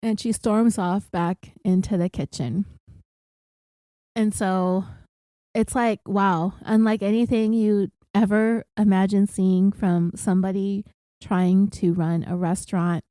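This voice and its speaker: Mellow-voiced woman casually recounting a story. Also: medium pitch, fairly even intonation, slow pace, dry recording. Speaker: podcast host.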